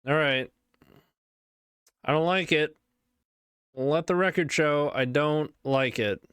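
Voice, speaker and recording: Casting: male streamer, smooth voice, unhurried delivery, casual running game commentary. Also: fairly high pitch, a bit bright, dry recording, studio quality. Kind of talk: live card game commentary.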